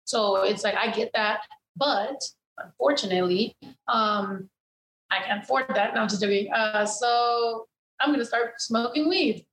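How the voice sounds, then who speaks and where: A woman's voice: on the high side, a little slow, a bit bright. Candid, profane woman chatting in an echoey room. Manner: candid, profane, rambling with many fillers. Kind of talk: casual chat.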